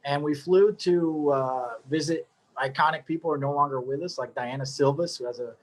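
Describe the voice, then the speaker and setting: A man's voice: a little high, a little fast. A middle-aged man casually telling his story as a cigar maker, rambling with joking asides and lots of fillers.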